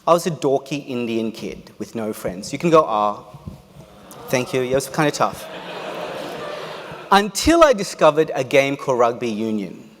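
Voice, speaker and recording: Animated man telling stories on stage. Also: mid-range voice, normal speed, slight background noise. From Australia. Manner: animated storyteller, humorous asides. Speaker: keynote speaker. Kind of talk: motivational keynote speech. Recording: echoey hall.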